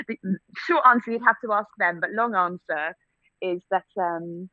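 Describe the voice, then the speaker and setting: A woman's voice: medium pitch, expressive, unhurried, no room sound. Woman actor on a tinny phone line. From England. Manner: reflective, many restarts and fillers, light laughs. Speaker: actor and theatre-maker. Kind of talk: conversational interview answers.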